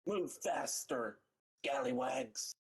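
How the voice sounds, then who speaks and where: A man growling as a gruff crocodile pirate. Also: medium pitch, lively intonation, slow, full character voice. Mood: barking. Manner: barking, sneering orders. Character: gruff male crocodile pirate whip-master.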